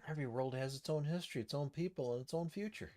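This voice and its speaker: A man's voice: a little high, fast, warm tone. Man dramatically reading a game story. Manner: dramatic first-person narration with shifting intensity. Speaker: story reader. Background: faint background music.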